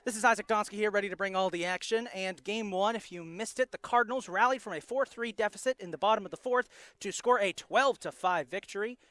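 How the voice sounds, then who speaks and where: High, bright-voiced male announcer. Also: dry recording. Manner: steady announcer delivery, quick self-corrections. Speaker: play-by-play announcer. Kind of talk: live sports broadcast, reading lineups. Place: college softball field broadcast booth.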